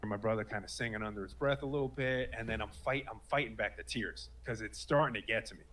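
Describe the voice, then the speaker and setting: A man's voice: on the low side, fast, a bit bright. Earnest rambling man in his thirties. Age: 30s. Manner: rambling, earnest, full of fillers. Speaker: guest sharing a personal story. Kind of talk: casual spoken testimony.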